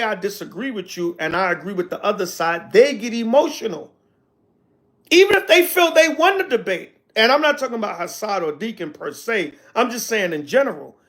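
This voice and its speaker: Speaking as an elder on a livestream, a man with a high, slightly bright voice teaches casually. He reads viewers' comments and answers them, tossing in slang and sarcasm.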